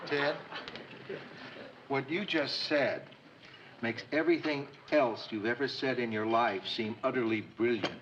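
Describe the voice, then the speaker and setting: A man playing a gruff male boss with slow, deadpan sarcasm. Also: medium pitch, highs cut off, very noisy, close to an everyday voice. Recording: distant, with loud studio audience.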